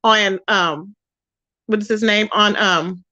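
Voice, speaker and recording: A woman's voice: mid-range voice, steady tone, slow, bright, forceful tone. A woman hosting a casual gossip commentary livestream, sassy and emphatic, often mimicking others in a raised voice. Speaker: YouTube commentary host. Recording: dull lo-fi sound.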